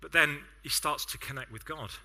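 A man's voice: fairly high pitch, moderate pace, sharp tone. A man with an English accent preaching a sermon, telling stories in a conversational way with self-deprecating asides.

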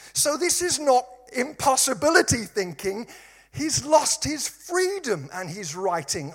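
A man from East London, England, delivers a sermon in a voice that sits high and sounds fairly bright, his East London accent clear. Humorous anecdotes and wry jabs run through his preaching.

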